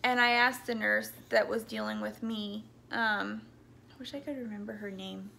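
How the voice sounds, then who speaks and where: A woman's voice: mid-range voice, steady tone, moderate pace, gravelly, bright, forceful tone, slight background noise. A young woman telling her birth story in a casual, rambling way, with many ums and likes, at times tearful. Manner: rambling, full of ums and likes, backtracks often. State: tearful, voice breaking.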